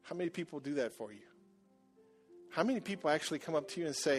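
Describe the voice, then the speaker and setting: A middle-aged man preaching a sermon, dropping to a quiet confessional murmur and then building to loud exhortation. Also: fairly high pitch, expressive, brisk. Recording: soft music behind.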